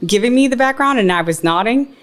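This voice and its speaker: A woman's voice: a little high, lively intonation, fairly quick. A woman co-hosting a podcast in casual chat, playful and chatty, who explains things at length. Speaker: podcast co-host.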